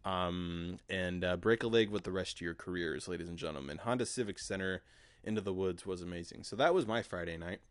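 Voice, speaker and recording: A man with a lowish voice talks loosely through a solo podcast, rambling and swearing as he jokes along. The recording is dry and close, with no room sound around him. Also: a little fast, dry recording. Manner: rambling, profane, joking. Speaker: podcast host. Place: home garage.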